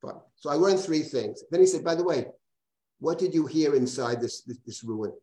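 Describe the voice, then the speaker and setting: A man, a rabbi, teaching a text study lesson over a video call, reading passages aloud and translating them in a halting way, often repeating words as he explains. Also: on the high side, lively intonation, dark tone. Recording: roomy video-call audio.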